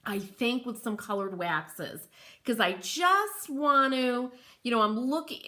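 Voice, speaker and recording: Middle-aged connecticut lady hosting a live craft stream, slow easy talk, giggly, reads comments out loud. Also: medium pitch. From Connecticut, USA. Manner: chatty, laughs often, reads viewer comments aloud. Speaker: craft tutorial host. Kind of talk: live chat with viewers.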